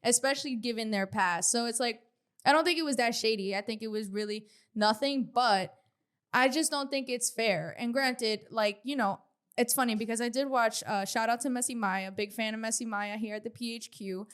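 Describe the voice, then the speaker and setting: Opinionated woman podcaster, slightly high voice. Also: moderate pace, fairly bright tone, clean tone. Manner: opinionated, profane, mimics others mockingly. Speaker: podcast co-host. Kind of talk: casual gossip podcast chat.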